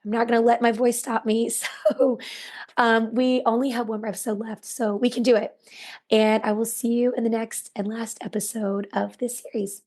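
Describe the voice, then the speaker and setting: Lady host, voice raspy and going out, earnest, slightly high pitched. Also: level tone, moderate pace, darkish tone. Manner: earnest, repeats key phrases. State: raspy, losing her voice. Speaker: podcast host. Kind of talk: encouraging self-help monologue.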